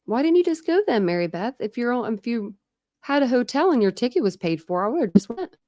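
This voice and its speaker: A woman's voice: a little high, very animated, brisk, dark tone, no room sound, studio quality. A woman from Ohio hosting a casual true crime live stream, rambling, laughing often and answering chat comments. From Ohio, USA.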